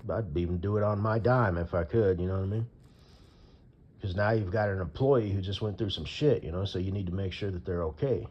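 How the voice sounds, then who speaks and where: A man's voice: low-pitched, fairly quick, highs cut off. A man ranting in a rambling, profane commentary, full of "you know" fillers. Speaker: vlogger.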